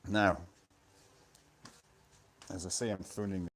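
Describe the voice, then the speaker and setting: A man's voice: medium pitch, expressive, normal speed, pauses often, a little mellow. A man rambling through a live stream monologue in a sweary, self-mocking way, talking close into a phone. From Scotland. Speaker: vlogger. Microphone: phone held close to the mouth.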